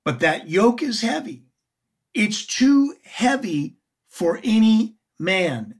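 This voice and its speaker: A Bible teacher delivers a sermon slowly and deliberately in a slightly husky voice. She is earnest and expressive, her pitch rising and falling with feeling as she questions her listeners and stresses key words.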